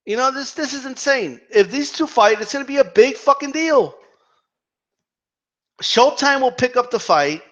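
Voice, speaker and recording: High-pitched guy ranting about boxing, cussing a lot, muffled lo-fi sound. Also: animated, normal speed, a bit bright. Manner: heated, profane, repeats words, argues with imagined fans. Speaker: boxing commentator. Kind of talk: ranting vlog commentary. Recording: dull lo-fi sound.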